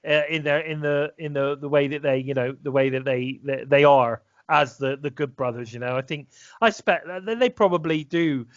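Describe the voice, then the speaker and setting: British man, casual wrestling chat, rambling and filler-heavy, slightly high voice, dry dull lo-fi sound. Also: moderate pace, no echo. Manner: rambling, many fillers and restarts. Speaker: podcast co-host.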